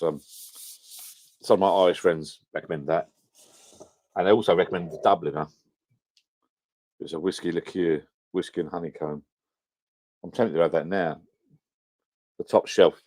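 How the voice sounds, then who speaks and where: On a home live stream, recorded by a camera on a home setup, a middle-aged man talks casually in a low-pitched, darkish voice. A whiskey shelf sits beside him as he rambles and keeps correcting himself.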